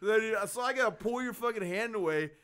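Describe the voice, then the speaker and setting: A man co-hosting a casual podcast, telling a story in an animated, profane way with lots of laughter. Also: high voice, fast talker. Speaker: podcast co-host.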